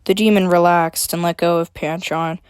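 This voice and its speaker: A woman's voice: fairly low pitch, steady tone, moderate pace, clean tone, no echo, clean studio sound. A woman reading her own story aloud, after a chatty introduction with fillers.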